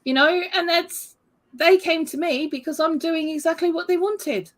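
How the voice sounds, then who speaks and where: A woman's voice: very high-pitched, moderate pace. A woman, a YouTuber guest in a casual chat, making her points with emphatic rhetorical questions.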